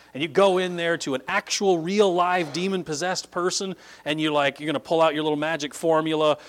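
Brief: male Bible teacher, conversational lecture, emphatic with sudden high pitch leaps on key words. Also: steady tone, a little fast, few pauses. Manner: conversational, with frequent "like" and restarts.

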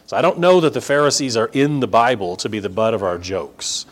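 A middle-aged man preaching a sermon as pastor, acting out voices and dropping to quiet asides. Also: medium pitch, brisk. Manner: animated, acts out crowd voices, drops to quiet asides.

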